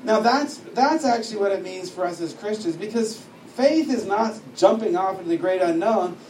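A man with a high but mellow voice gives a casual teaching talk to a class. He wanders into side stories and laughs easily. He is picked up from a distance in a roomy, echoey space with a faint hiss behind him. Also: expressive, moderate pace. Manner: chatty, digressive, laughs often. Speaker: teacher at a discipleship school. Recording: echoey room, distant mic, faint noise.

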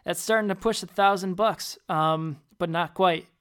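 A woman's voice: on the low side, normal speed, fairly bright tone, clean tone. A woman co-hosting a podcast in casual tech chat, hesitant and often repeating words as she starts a sentence. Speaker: podcast co-host.

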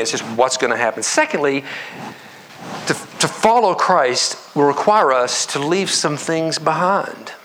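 A pastor preaching a sermon to his congregation in an earnest, conversational way, with repetitions and quick asides. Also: fairly high pitch, sharp tone, slight background noise. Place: church sanctuary.

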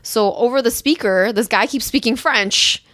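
Woman, young adult, casual storytelling, animated quotes, laughs, dry sound. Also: normal speed, no echo. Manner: animated, acts out quotes with rising pitch and laughs. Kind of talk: casual chat.

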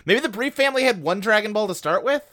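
A man's voice: high voice, lively intonation, fast talker, pushed and bright. A man co-hosting a casual podcast, chatty and joking as he recaps, with lots of fillers. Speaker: podcast co-host.

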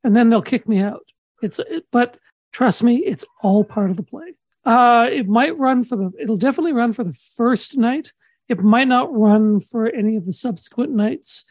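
A man from Saskatchewan co-hosting a comedy podcast, deadpan and halting with many restarts. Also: very high voice, no echo. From Saskatchewan, Canada. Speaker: podcast co-host.

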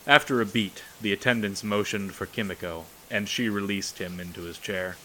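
A man narrating a novel aloud in a measured, solemn storytelling manner. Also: fairly low pitch, steady tone, sharp tone, a little hiss or hum, rough recording. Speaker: audiobook narrator. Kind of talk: scripted narration.

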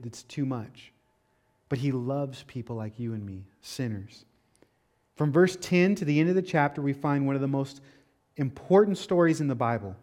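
A man preaching a sermon, asking rhetorical questions, reading scripture and dropping casual asides. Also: a little high. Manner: preaching with rhetorical questions, rising to loud emphatic peaks. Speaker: pastor.

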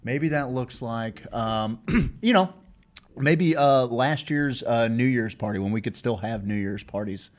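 A man's voice: medium pitch, measured pace. A man hosting a talk show, casual and profane, reading sponsor spots and inviting listeners to text in. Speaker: host.

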